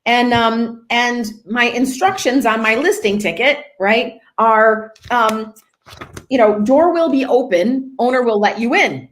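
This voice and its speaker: On a podcast, a woman who works as a real estate agent tells a funny story from her job, acting out the people involved. Her voice is fairly high and a little slow, and she delivers the casual anecdote with animation.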